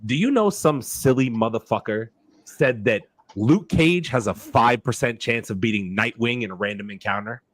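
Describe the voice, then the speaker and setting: A man co-hosting a casual podcast, talking in an animated way and repeating himself when riled up. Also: mid-range voice, moderate pace, dry recording. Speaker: podcast co-host.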